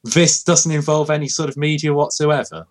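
A man's voice: on the high side, fairly even intonation, normal speed. Giggly rambling young man. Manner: giggly, rambling with many fillers. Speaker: podcast co-host. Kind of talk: casual comedic chat.

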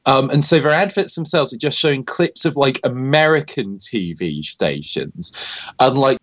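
A man's voice: mid-range voice, expressive, normal speed, a bit bright. A man talking in a casual chat as a podcast co-host, rambling with lots of fillers and frequent laughs.

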